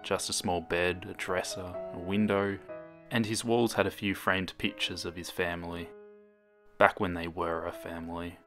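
A man with a deep, low voice reads a horror story in a steady, measured way. Loud music plays under the narration throughout.

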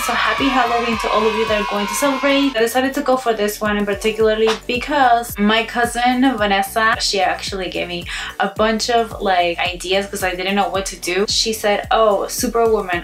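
A sleepless woman greets her viewers in a casual vlog intro. She keeps her face stiff and talks carefully, apologizing for how she sounds. Her voice sits a little way from the mic, with soft music underneath. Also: medium pitch. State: tired, sleepless. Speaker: beauty vlogger. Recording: voice a bit far from the mic.

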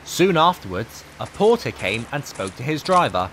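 Expressive male storybook narrator, animated, with a noisy home recording. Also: mid-range voice, moderate pace, hardly any pauses. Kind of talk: storybook reading.

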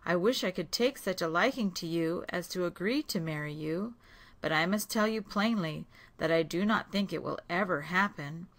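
A woman voicing a kind, timid young heroine in a storybook read-aloud, soft and careful. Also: fairly low pitch, normal speed. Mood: tender.

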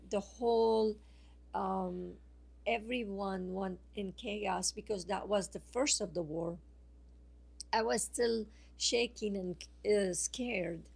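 A woman guest speaking by phone on a radio show, telling a personal story slowly and haltingly, with many fillers and restarts. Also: mid-range voice, gravelly, slightly rough. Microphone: phone line.

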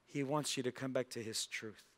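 A man's voice: mid-range voice, fairly even intonation, normal speed. A male pastor giving a sermon in a church, telling a story and acting out its characters' lines. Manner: storytelling with acted-out voices.

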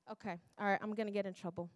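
A woman's voice: medium pitch, no room sound. A woman preacher delivering a sermon in a church, often laughing, breaking off and exclaiming to herself. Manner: laughing, self-interrupting, exclamatory.

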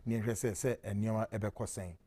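A man hosting a talk show, reading out viewer messages and ads in a lively way. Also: fairly low pitch, moderate pace. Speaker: host.

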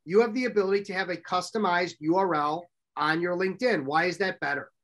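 A middle-aged man presenting a workshop to a live audience, brisk and direct, often asking the audience questions. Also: high voice, fairly bright tone.

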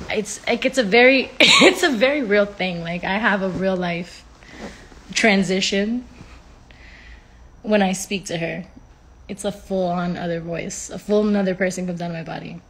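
A woman's voice: mid-range voice, slight background noise. Woman, casual livestream chat, rambling, profane, laughs a lot, phone mic.

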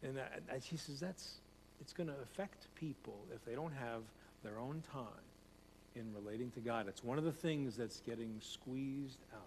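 A man's voice: medium pitch, normal speed, a little mellow. A man preaching a conversational sermon as pastor, repeating phrases and speeding up as he tells stories. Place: church sanctuary. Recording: long hall reverb, faint hum.

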